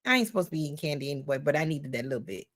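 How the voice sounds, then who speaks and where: A woman's voice: sits low, lively intonation, racing, a bit bright. A woman hosting a casual livestream talk show, chatty and folksy, often repeating herself and speaking straight to her audience. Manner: playful, addresses audience as y'all. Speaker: podcast host.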